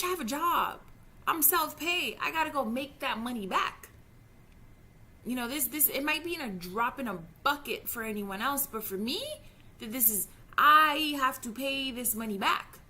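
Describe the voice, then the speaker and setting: Thirty-something woman ranting on her vlog, frustrated, cussing, stammers, bright edgy voice. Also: a little high, a little hiss or hum. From Jamaica. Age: 30s. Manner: frank, heated, swears freely, stammers when upset. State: upset and frustrated. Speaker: vlogger. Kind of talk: emotional personal vlog rant.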